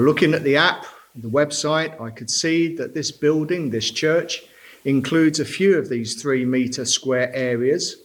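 A man preaching a sermon from a church pulpit, slow and deliberate, stressing key words. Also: medium pitch.

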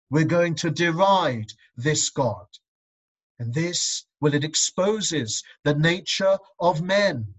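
A man with a notably high voice delivers a sermon. He asks one rhetorical question after another and hits his key words hard and loud. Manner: emphatic, rhetorical questions, rising to loud stresses. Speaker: preacher.

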